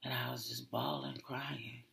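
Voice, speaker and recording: Slow, gravelly podcast storyteller. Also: medium pitch, very animated, sharp tone. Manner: reflective, often drops to a whisper; repeats words and restarts when emotional. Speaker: podcast host. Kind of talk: personal storytelling monologue.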